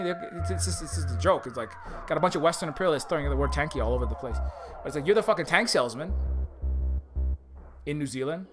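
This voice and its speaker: A man streaming live and ranting in a heated, profane way, repeating his points with many fillers. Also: high-pitched. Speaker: streamer and indie game developer. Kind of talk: livestream rant.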